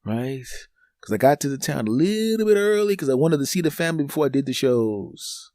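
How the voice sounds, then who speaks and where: A man's voice: fairly high pitch, fairly quick, no echo. A male comedian spins a long personal story on his podcast, his voice leaping way up whenever he mimics the people in it. The sound is close and dry, with no room around him. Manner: animated, acts out other people's voices in the story.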